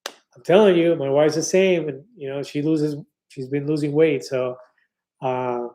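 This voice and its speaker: A man's voice: fairly high pitch, steady tone, measured pace, dark tone. Upbeat chatty man in his fifties. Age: 50s. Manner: upbeat, chatty, reads viewer comments aloud with many fillers and restarts. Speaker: live stream host. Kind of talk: casual live stream chat reading comments.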